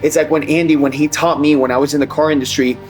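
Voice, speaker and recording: A man hosting a sales training, energetic and conversational, acting out sales dialogues. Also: fairly high pitch, quick pace, soft background music. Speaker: sales coach and host.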